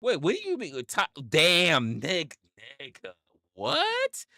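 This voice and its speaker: Animated man reacting to stream chat. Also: a little high, a little slow, creaky, no echo, studio quality. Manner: reacts loudly to chat, swears, repeats himself, laughs often. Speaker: livestream host reading chat. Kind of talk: casual livestream chat.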